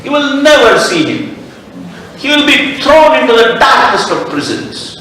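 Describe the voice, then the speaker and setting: A man voicing a scheming old woman servant who goads a queen, in a shrill, hissing, conspiratorial voice. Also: very animated, measured pace, bright, forceful tone, heavily acted. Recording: echoey room heard from far off.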